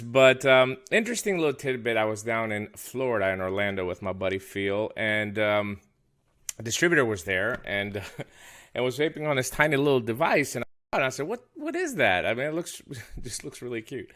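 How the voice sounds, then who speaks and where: A man's voice: mid-range voice, a bit bright. A man from the United States, chatty, presenting a casual video review of a small device and laughing at himself. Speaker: product reviewer.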